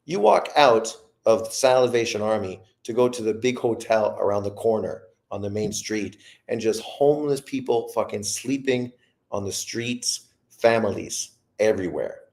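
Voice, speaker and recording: Gravelly man in his fifties, swearing freely. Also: lowish voice, moderate pace, a little mellow. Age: 50s. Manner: profane, rambling storytelling. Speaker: boxing livestream host. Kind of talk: casual livestream chat.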